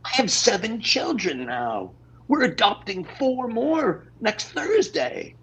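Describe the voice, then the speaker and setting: Stage improv: a man as a husky, gravelly, flustered family man who stammers, with wildly swinging pitch. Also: sing-song, takes it slowly, fairly bright tone, heavily acted, rough recording. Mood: pleading. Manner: stammering, urgent, repeats himself. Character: flustered married man, father of many, pleading. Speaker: improv performer. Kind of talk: improv scene acting. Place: theater stage.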